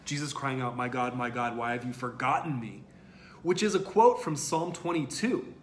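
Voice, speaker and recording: A man's voice: fairly high pitch, a bit bright, slight background noise. A male college lecturer giving an online lecture in a conversational way, thinking aloud with fillers and restarts.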